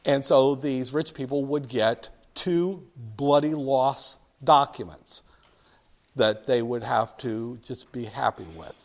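An older man from the northern United States telling stories to an audience in an animated, emphatic, wry way. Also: mid-range voice, takes it slowly. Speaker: speaker addressing an audience. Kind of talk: storytelling talk.

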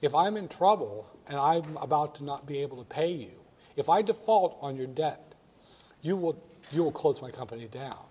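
Male lecturer, animated and joking, a little high-voiced, echoing in a lecture hall. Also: moderate pace, slightly rough. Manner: animated, jokey, addresses students directly. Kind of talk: classroom lecture. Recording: long hall reverb.

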